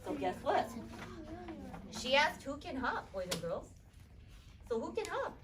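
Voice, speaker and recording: A young woman teaching kindergarten, upbeat and encouraging, sounding out letters slowly for the children. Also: sits high, sing-song. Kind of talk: interactive classroom teaching. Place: kindergarten classroom. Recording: distant, noisy classroom recording.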